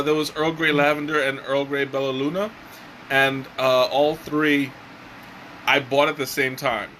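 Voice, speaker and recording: A man casually reviewing a tea on a live stream, halting with many fillers and restarts. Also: a little high, bright, forceful tone, slight background noise, low-quality recording. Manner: hesitant, many fillers and restarts, chuckles often.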